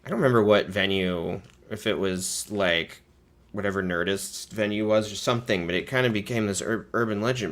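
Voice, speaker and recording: A man's voice: on the low side, expressive, moderate pace, a bit bright. A man hosting a casual reaction stream, talking loosely, swearing and laughing often. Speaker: livestream host.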